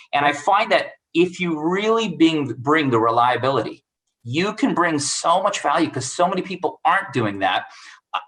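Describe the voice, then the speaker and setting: A man gives career advice in a bright, forceful voice, telling lively stories from his working life. He acts out the voices of the people in them as he goes. The recording comes from an online video call. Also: fairly high pitch, low-quality recording. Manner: animated, acts out quoted dialogue. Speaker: cybersecurity expert guest.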